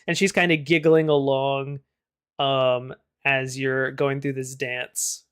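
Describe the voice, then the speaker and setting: A man's voice: mid-range voice, level tone, slow, fairly bright tone, clean tone. A man narrating as game master of a tabletop game, describing scenes with occasional fillers.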